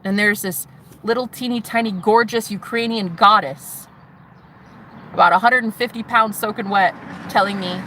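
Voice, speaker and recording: Bright-voiced woman telling her story. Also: mid-range voice, fairly even intonation, moderate pace, a little hiss or hum. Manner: blunt and profane, emphatic repetitions. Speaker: vlogger. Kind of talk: candid personal storytelling.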